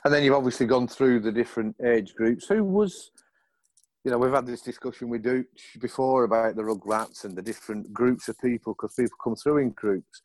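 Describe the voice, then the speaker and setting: A man's voice: mid-range voice, fairly quick, a little mellow, no room sound, low-quality recording. Host guy, keeps saying right and yeah, dry close sound. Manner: frequent short "right" and "yeah" backchannels. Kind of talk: casual interview.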